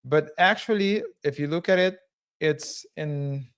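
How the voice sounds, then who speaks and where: A man co-hosting a podcast, talking loosely and hedging his views. His voice comes through smooth and clear, pitched slightly high. He fills gaps with ums and uhs. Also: measured pace, a bit bright. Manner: rambling, many fillers, hedging. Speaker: podcast co-host. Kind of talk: casual chat.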